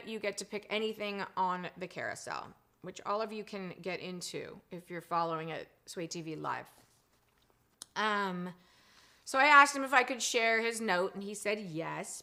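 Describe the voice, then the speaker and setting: A woman in her forties hosting a casual live stream, chatty and reading out viewer comments, swinging between animated and hushed talk. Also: mid-range voice. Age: 40s.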